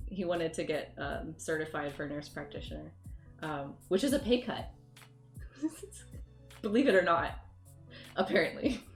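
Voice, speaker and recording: Woman, livestreamer, casual rambling chat, frequent laughter, echoey room. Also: on the low side. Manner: rambling, laughs often, animated storytelling. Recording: roomy room with faint music.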